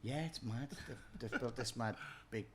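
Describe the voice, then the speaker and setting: A man's voice: mid-range voice, normal speed, a little hiss or hum. Bantering man, casual podcast co-host. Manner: banter, playful swearing. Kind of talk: casual chat.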